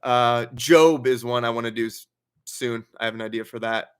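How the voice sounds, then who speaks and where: A man's voice: mid-range voice, steady tone, normal speed, smooth. A young man hosting a casual livestream Q&A, reading donations aloud and chatting with a laugh in his stories. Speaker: livestream host.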